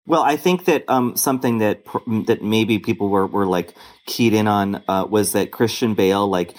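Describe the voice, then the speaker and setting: A man's voice: on the low side, normal speed, a little mellow. A man co-hosting a podcast, musing casually with many restarts and fillers. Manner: rambling, hesitant, many fillers. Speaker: podcast co-host and critic. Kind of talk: casual panel chat.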